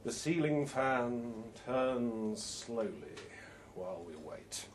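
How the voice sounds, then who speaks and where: A man reading a first-person story aloud with dry, understated humor, opening lines with "well" and letting out soft laughs. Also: medium pitch, very animated, slow pace, slight background noise.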